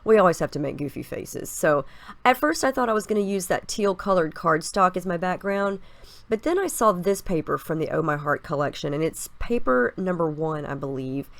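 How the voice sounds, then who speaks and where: A woman's voice: fairly low pitch, animated, moderate pace, vocal fry, dry recording. A woman with a stuffy cold, chatting upbeat through her scrapbooking steps in a casual voice-over. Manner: chatty and upbeat, explaining each step. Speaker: scrapbooking crafter. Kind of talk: casual process video voice-over.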